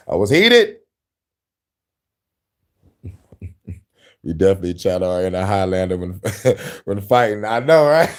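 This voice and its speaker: A man in his thirties hosting a casual podcast, talking politics and movies with profanity, laughing often and breaking into loud shouted impressions. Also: lowish voice. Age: 30s. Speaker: podcast host.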